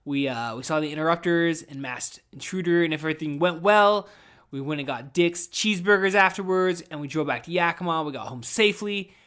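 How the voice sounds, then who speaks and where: A young man talking loosely into his podcast mic from his room at home, swearing freely as he rambles along. His voice sits a little on the high side for a man, relaxed and chatty. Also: a little fast, clear, resonant tone. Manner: rambling and profane, laid-back. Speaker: podcast host. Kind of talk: casual solo podcast chat.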